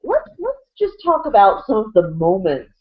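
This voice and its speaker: A woman's voice: medium pitch, huge pitch swings, moderate pace. A woman co-hosting a casual sports chat, rambling with lots of fillers and restarts. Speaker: co-host. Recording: dull lo-fi audio.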